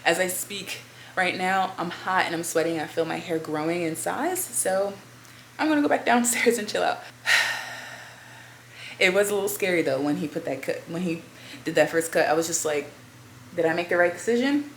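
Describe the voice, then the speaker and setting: A woman's voice: fairly low pitch, moderate pace, a bit bright, slight background noise. A woman vlogging from home in a rambling, chatty way, full of "you know" fillers. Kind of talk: casual chat to camera. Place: indoors at home, upstairs. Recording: echoey room.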